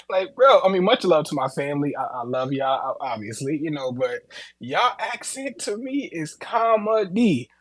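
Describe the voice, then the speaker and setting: A man's voice: fairly high pitch, big pitch swings, a little slow, a bit bright, no echo. A man with a New York accent, casually explaining with lots of fillers. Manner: laid-back, explains with many fillers. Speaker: call-in speaker. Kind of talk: casual chat in an audio chat room.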